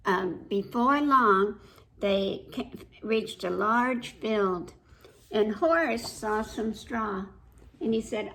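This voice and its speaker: A woman librarian reading a picture book aloud at children's story time, pausing to ask the young listeners questions. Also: medium pitch, a bit bright, low-quality recording.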